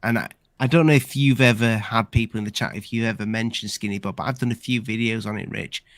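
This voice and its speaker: A man's voice: lowish voice, steady tone, quick pace, no echo. Guy hosting a live stream chat, rambly, keeps restarting sentences, dry close sound. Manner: chatty, rambling, many restarts. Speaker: channel host. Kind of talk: casual live discussion.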